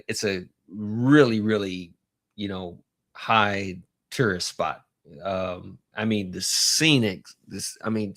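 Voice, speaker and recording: A man hosting a casual livestream, talking in a rambling, halting way and greeting chat viewers by name with chuckles. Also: fairly low pitch, bright, forceful tone. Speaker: livestream host.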